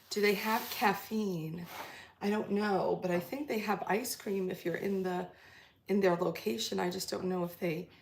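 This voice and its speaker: A woman with a gravelly, creaky edge to her mid-pitched voice, chatting casually with her live viewers. She rambles from thought to thought, full of fillers and trailing sentences, and laughs easily as she talks. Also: steady tone, unhurried, long pauses, slight background noise. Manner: laughs easily while telling stories.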